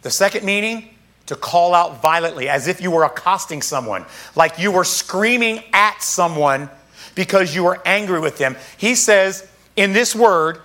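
A man preaching a sermon, reading scripture aloud and explaining it in an emphatic, casual way with quick asides. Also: high-pitched, lively intonation, pushed and bright.

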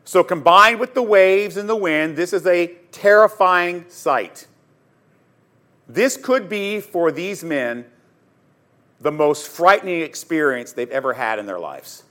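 A man with a high-pitched voice teaches scripture as a sermon. He tells the story with drama and emphasis, moving between loud bursts and hushed moments, and often asks his listeners questions directly. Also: lively intonation, measured pace. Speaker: Bible teacher.

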